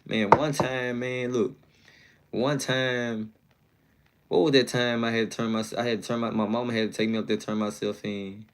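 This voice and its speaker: A man's voice: mid-range voice, fairly even intonation, normal speed, a little hiss or hum. A man telling a long personal story in a casual, slangy, rambling way, often checking in with his listener. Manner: slangy, rambling, fond of "you know what I'm saying".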